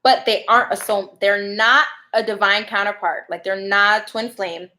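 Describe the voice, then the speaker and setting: A woman's voice: mid-range voice, fairly even intonation, moderate pace, pushed and bright. A woman giving casual live tarot readings, chatty and laughing often as she talks to viewers. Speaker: tarot reader.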